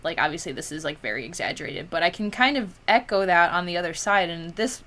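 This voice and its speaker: A woman's voice: fairly low pitch, animated, fast, a bit bright. Giggly Valley Girl-ish woman streaming. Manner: chatty, giggly, heavy "like", Valley Girl lilt. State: tired. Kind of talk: casual live-stream chat while editing photos.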